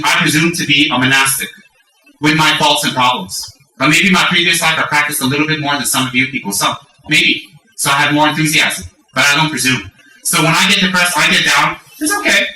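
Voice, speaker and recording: Middle-aged guy giving a dharma talk, super bright voice, a bit high, echoey room, mic off at a distance. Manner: candid, animated, self-mocking storytelling. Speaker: Buddhist teacher. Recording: roomy echo from off-mic.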